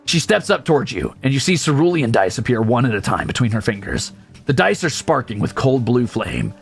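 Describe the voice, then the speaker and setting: A male streamer reads a story game aloud and breaks off for sarcastic, profane jokes. His voice is gravelly and husky. His pitch swings widely, and faint music plays behind him. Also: sing-song, brisk. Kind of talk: game read-through with commentary.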